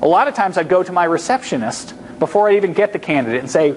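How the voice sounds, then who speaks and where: A man giving a humorous, energetic talk as a guest speaker, emphatic and repeating key points. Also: high voice, quick pace, a little hiss or hum. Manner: energetic, acts out quoted voices, emphatic repetition. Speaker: guest speaker on job interviews. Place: lecture hall.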